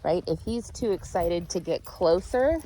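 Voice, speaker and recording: Unhurried woman dog trainer, mellow voice. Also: fairly low pitch, animated, a little hiss or hum, rough recording. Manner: patient, explanatory, tags points with "right?". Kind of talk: explaining a training walk to viewers. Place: outdoors on a neighborhood walk.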